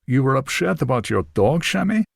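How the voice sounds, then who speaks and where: A man's voice: mid-range voice, very animated, fairly quick, vocal fry, no echo, heavily acted. Brusque older man in a storybook reading, performed by a male narrator, curt and dry-voiced. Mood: gruff. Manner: curt, clipped replies. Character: tall older balding man, brusque and firm. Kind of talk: audiobook character voice.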